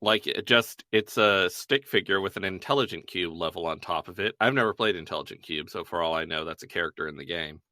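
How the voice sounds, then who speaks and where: Wry, joking man with a bright voice. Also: sits low, a little fast, few pauses, dry recording. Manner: dry, joking, wry asides. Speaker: podcast co-host. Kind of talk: casual chat about video games.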